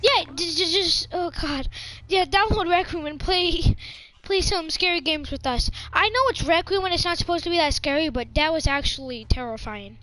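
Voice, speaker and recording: A woman's voice: very high voice, moderate pace, sharp tone, soft background music. A young woman chatting casually while playing a horror game, jumpy and slangy, shrieking when scared. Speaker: gamer. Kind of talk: casual gaming chat.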